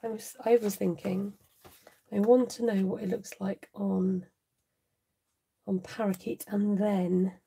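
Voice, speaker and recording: Chatty British woman with a gravelly edge. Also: mid-range voice, little pitch movement, slow, long pauses, mellow. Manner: chatty, thinks aloud, drops into whispered asides. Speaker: craft channel host. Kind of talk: live crafting chat with viewers.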